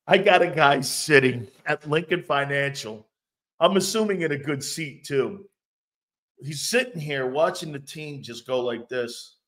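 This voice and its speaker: A man's voice: on the high side, measured pace. A man hosting a sports talk show, reacting to fan comments in a loose, profane way and laughing often. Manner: animated, laughing, profane, loud outbursts.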